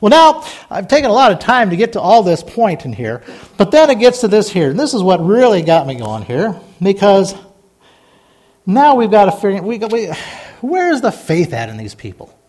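A high-pitched man delivers a sermon to his congregation. He reads scripture in a folksy, rambling way with homespun asides. He grows fervent as he exhorts the listeners. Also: big pitch swings, moderate pace, a little mellow. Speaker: pastor.

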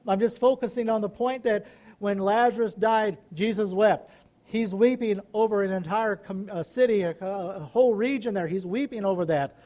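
A man's voice: high-pitched, a little mellow. A middle-aged male pastor preaching a sermon, rising into emphatic calls and questions to the congregation.

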